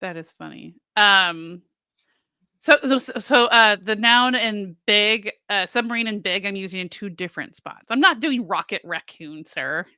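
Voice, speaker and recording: A woman's voice: medium pitch, lively intonation, measured pace, pushed and bright, smooth, no room sound. A woman co-hosting a podcast in casual chat, talkative and self-deprecating, laughing easily. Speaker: podcast co-host.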